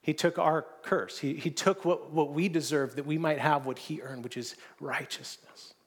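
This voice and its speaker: A man's voice: fairly high pitch, fairly even intonation, normal speed, breathy edge. A man preaching a sermon, earnest and often restarting his words, rising into emphatic stretches. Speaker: pastor.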